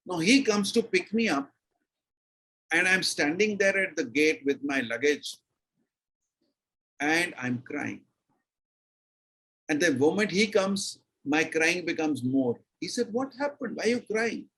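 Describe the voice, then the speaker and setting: An older man with an Indian English accent tells a story as an interview guest, with a husky, slightly breathy voice pitched a bit high for a man. He speaks in an animated, emphatic way. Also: slow, long pauses, poor audio. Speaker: interview guest, retired army brigadier. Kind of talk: storytelling in a conversation.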